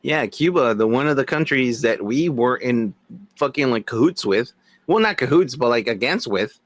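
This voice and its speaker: A man's voice: medium pitch, lively intonation, moderate pace, dry recording. A man co-hosting a casual podcast, laid-back and joking, swearing freely. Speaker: podcast co-host. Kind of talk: profane casual podcast banter.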